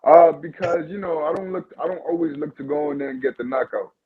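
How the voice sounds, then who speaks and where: A man's voice: a little high, quick pace, a crowd in the background. A man in his twenties with a New York accent, talking earnestly over a phone in a remote interview, often saying "you know". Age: 20s. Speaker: guest boxer. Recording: tinny phone line.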